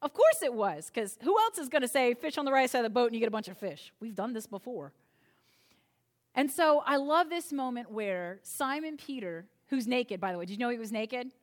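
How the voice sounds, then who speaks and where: A high-pitched woman preaches a sermon as the pastor. She tells the story playfully and acts out the voices with humor. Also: animated, a little fast.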